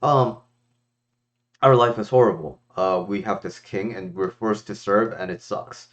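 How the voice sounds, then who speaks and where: A man's voice: lowish voice, a little slow, dull audio, pitched below the performer's own voice, lightly acted. A man voicing unhappy royal concubines who complain about their life, in his own near-normal voice.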